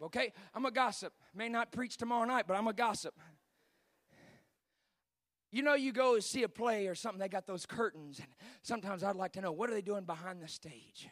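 A high-pitched male preacher telling a story from the pulpit. He is animated, dropping low and quiet for the retelling and then rising to shouted peaks. The sound is close and dry. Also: no echo. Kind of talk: sermon storytelling.

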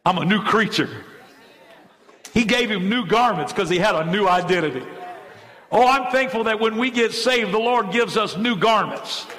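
A middle-aged male pastor preaching a sermon with fervent energy, speeding up and slowing down as he drives points home. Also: high-pitched, lively intonation, fairly bright tone, some chatter behind. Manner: fervent preaching with sudden swings in pace. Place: church sanctuary. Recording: church hall reverb.

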